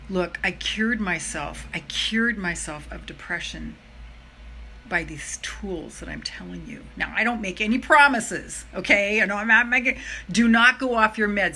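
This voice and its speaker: A woman's voice: lowish voice, gravelly, sharp tone, slight background noise, low-quality recording. A middle-aged woman giving a live motivational talk as a self-love coach. She speaks earnestly and chattily, repeats her key phrases for emphasis, and keeps addressing her viewers directly.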